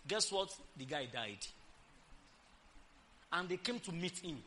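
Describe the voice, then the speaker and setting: A man preaching a sermon, animated, moving from low asides to shouted declarations and leading the congregation in call-and-response. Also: a little slow, pauses often, slight background noise.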